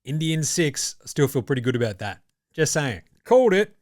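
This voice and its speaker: A man's voice: fairly high pitch, big pitch swings, moderate pace, dry recording, studio quality. A man with an Australian accent hosting a basketball podcast in casual, profane, blokey banter. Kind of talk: casual sports chat.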